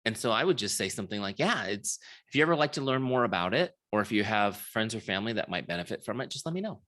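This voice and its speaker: A man's voice: on the low side, sing-song, fast talker, a bit bright. A man leading an online sales training, telling stories with acted-out dialogue and often checking in with his listeners over a video call. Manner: storytelling, acts out quoted dialogue, checks in with the audience. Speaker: software founder giving a sales training. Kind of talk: live online training talk.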